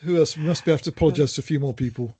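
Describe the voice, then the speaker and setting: A man's voice: on the high side, racing, dark tone, husky. An older man co-hosting a podcast, chatting casually and jokingly, with lots of restarts and laughs. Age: older adult. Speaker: podcast co-host.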